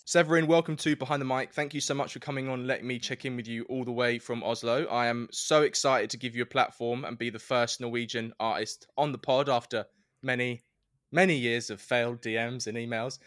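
Male podcast host, friendly and chatty, mid pitch, dry close sound. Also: fairly even intonation, brisk, fairly bright tone, no echo. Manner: friendly, chatty, says "mate". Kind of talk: scripted podcast intro and interview.

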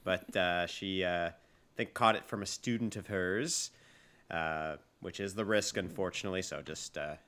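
Lower-voiced man, dry and hesitant. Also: moderate pace, pushed and bright. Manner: dry, hesitant, with many fillers. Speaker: podcast co-host. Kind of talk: casual chat.

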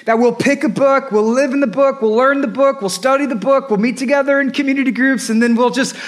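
A man gives a sermon in his church, his voice sitting unusually high for a man. He preaches with fired-up emphasis, pushing into shouted peaks and dropping into playful asides as he works through the text. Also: brisk. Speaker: pastor. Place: church sanctuary.

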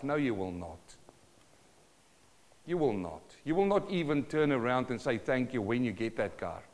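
A man's voice: fairly high pitch, very animated, moderate pace, long reverb tail. A man preaching a sermon, emphatic and calling out to the congregation for responses.

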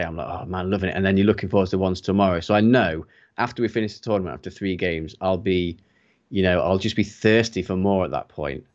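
A man joins a casual hobby chat as a guest and lays out his views in a measured, reasoned way. His voice is low. The audio is dull and lo-fi, like a remote feed. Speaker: guest co-host.

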